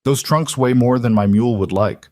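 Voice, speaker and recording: A man playing a blunt, wary mountain man who speaks tersely and quietly. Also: normal speed, no room sound, studio quality, natural voice. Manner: blunt, terse, low-key.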